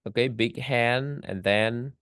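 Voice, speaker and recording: A man teaching English vocabulary in a class, patiently repeating key phrases slowly for learners. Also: medium pitch, a bit bright, clear, resonant tone, no room sound, studio quality.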